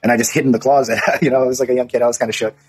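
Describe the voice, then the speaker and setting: Husky, profane New man. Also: mid-range voice, steady tone, rapid-fire, rough recording. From New Bedford, Massachusetts. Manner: blunt, profane, swaggering recounting. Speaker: interview guest. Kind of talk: casual storytelling interview. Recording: faint music underneath.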